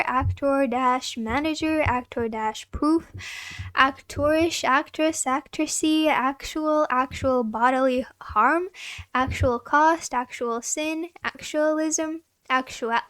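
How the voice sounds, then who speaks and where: High-pitched woman reading dictionary words. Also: fairly even intonation, takes it slowly, fairly bright tone, dry recording. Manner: giggly, stumbles over hard words. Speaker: vtuber. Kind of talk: reading dictionary entries aloud.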